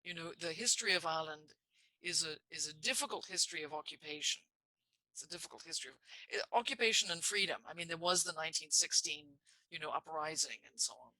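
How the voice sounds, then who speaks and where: A man in a reflective church discussion, speaking haltingly with frequent restarts and fillers. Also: a little high, lively intonation, pushed and bright, no room sound, rough recording. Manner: halting, restarts phrases, many "you know" and "I mean".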